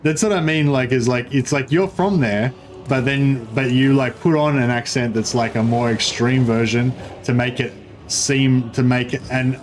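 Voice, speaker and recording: Here a mid-range male voice with some faint hiss or hum talks at a normal speed. It's an Australian streamer playing a strategy game, rambling through casual livestream chat with lots of fillers and false starts.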